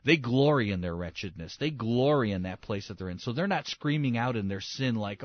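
A male pastor preaching a sermon, swinging between loud emphasis and soft hushed asides, acting out quoted voices. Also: medium pitch, animated, a little fast, hardly any pauses, no room sound, dull audio. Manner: acts out quoted voices and inner dialogue.

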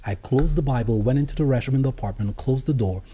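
A man telling his personal faith story as an interview guest, earnest, with halting restarts. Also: mid-range voice, warm tone, breathy edge. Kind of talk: personal testimony in conversation.

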